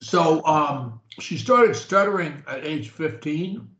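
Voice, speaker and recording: A man working as a speech coach, talking slowly and stretching his words on a steady tone as he guides a client. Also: fairly high pitch, echoey room, muffled recording. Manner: slow, drawn-out speech that holds a steady tone. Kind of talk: coaching conversation.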